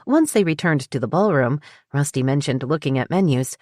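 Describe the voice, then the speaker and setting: A woman narrating a romance novel with even, measured storytelling in a close studio recording. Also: low voice, no echo. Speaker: audiobook narrator. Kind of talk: scripted narration.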